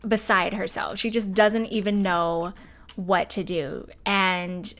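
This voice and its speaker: A woman's voice: mid-range voice, flat delivery, fairly bright tone. Young woman talking thru a life sim game, chatty, does little voices for her characters. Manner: chatty, voices her sims in quick asides. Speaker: let's play host. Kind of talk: casual gameplay commentary.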